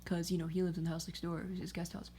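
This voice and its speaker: Young woman vlogger, low-set voice, rambly storyteller who swears a lot. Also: little pitch movement, rapid-fire, dark tone, slight background noise. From greater Pittsburgh area. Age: young adult. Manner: rambling, filler-heavy, swearing and laughing. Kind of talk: casual storytime chat.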